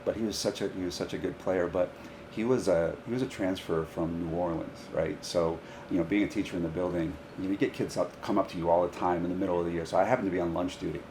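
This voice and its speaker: A deep-voiced man chatting about coaching high school golf. He tells stories with energy and slips into the voices of the people in them, over a light hiss of background noise. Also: quick pace. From Rhode Island, US. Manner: animated, acts out dialogue in stories. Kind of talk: casual podcast storytelling.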